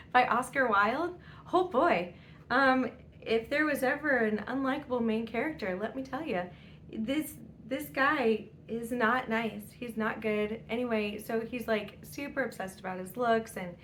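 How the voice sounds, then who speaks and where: A woman's voice: medium pitch, a bit bright, slight background noise. A woman vlogger chatting casually about books, rambling and laughing often. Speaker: book vlogger. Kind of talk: casual book tag chat.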